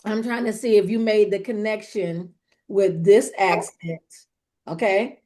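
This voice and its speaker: A woman's voice: mid-range voice, fairly even intonation, a little slow, dark tone. A woman teaching a Spanish class, quizzing her students and praising their answers. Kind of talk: online language class.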